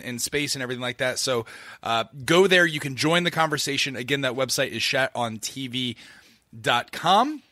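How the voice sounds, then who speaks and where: Bright-voiced podcast host from Florida. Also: male voice, on the high side, no room sound, clean studio sound. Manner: chatty, loose, many fillers and restarts. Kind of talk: casual podcast chat.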